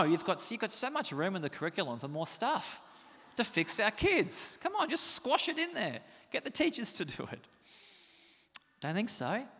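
A man preaching a sermon as pastor, animated and conversational, asking the congregation rhetorical questions. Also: fairly high pitch, long reverb tail.

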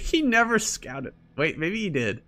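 A man giving casual commentary over his own strategy game match, excitable and crude, swearing and mocking his opponent with frequent laughter. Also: on the high side, slow pace. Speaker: gaming streamer.

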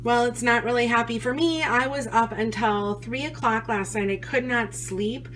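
A hoarse, short-of-breath woman with an Upper Midwest American accent, chatting casually in a home vlog with lots of fillers. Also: fairly high pitch, normal speed, fairly bright tone, slight background noise. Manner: rambling, chatty, many fillers. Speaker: vlogger. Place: at home indoors.

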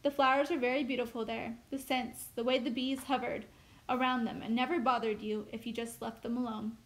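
A woman voicing a reserved household maid who speaks quietly and guardedly, read aloud from a novel. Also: a little high, little pitch movement, a little fast, natural voice, poor audio. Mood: wistful.

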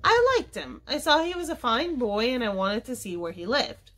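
A friendly town doctor in a storybook, chatty and amused as he explains himself. The delivery is lively and varied. A woman voices him as she reads. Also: a little high, normal speed, slight background noise, voice pushed up.

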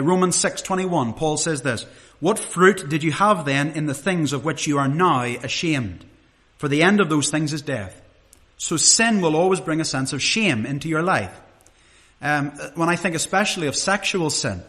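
A middle-aged man preaches, his voice sitting a touch higher than most men's. He talks to the congregation in a plain, conversational way, earnest and direct, and often puts rhetorical questions to them. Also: a bit bright. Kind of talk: sermon.

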